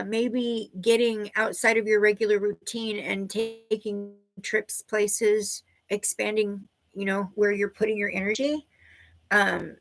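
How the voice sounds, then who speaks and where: Woman, tarot teacher, live online class, intuitive readings, middle pitch, rambling, searching for words, frequent asides. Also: creaky, a bit bright.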